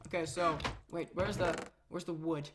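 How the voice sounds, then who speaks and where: A woman's voice: on the low side, steady tone, moderate pace, noisy background. A woman hosting a casual gameplay video, chatting in a rambling, self-mocking way. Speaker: Minecraft let's-play host.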